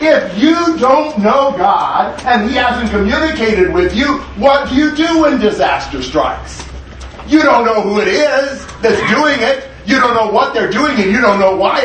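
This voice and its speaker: A man's voice: very high voice, expressive, a little slow, a bit bright, slight background noise. A man leading a Bible class, teaching earnestly and reading an ancient prayer solemnly aloud. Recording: echoey room, mic far off.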